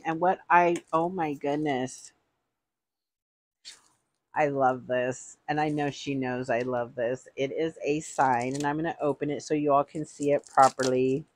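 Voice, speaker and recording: A woman's voice: deep voice, measured pace, a little hiss or hum. A middle-aged woman chatting casually to camera in an unboxing vlog, rambling and gushing. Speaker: vlogger.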